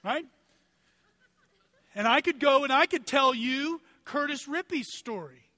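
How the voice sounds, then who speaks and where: A man's voice: extremely high pitch, measured pace, sharp tone, dry recording, clean studio sound. A male pastor preaching a sermon in a conversational, storytelling way, building his points through strings of rhetorical questions. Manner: conversational, personal anecdotes.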